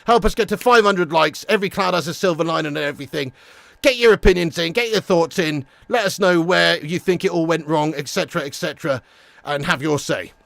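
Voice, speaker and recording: A man hosting a live watch-along stream, ranting loudly and bluntly with lots of swearing and chatting with viewers. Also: a little high, brisk, vocal fry, dry recording. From England. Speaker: livestream watch-along host.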